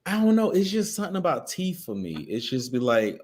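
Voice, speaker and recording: A man co-hosting a podcast in casual chat, crude and animated, swearing constantly and sounding a bit tipsy. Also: a little high, a little fast, hardly any pauses. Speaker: podcast co-host.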